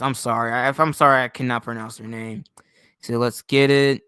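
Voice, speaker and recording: Chatty young man, bright crisp voice. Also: medium pitch, little pitch movement, fairly quick, dry recording, studio quality. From New York State. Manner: rambling, profane, loose and chatty. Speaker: livestream host. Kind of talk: casual livestream chat.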